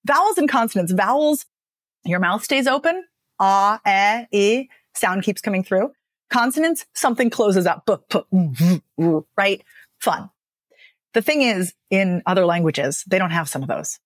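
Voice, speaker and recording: A woman speaking as a speech and dialect coach, explaining with emphatic, lively phrasing and frequent "right?" checks. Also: mid-range voice, normal speed, no room sound, clean studio sound. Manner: animated, emphatic, lots of "right?". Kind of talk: podcast interview guest.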